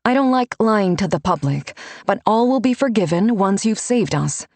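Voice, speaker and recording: A woman's voice: mid-range voice, lively intonation, moderate pace, a little mellow, no echo, voice pushed up. A woman voicing a stern, devout older woman mentor who speaks fervently and firmly. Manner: fervent, scolding, firm.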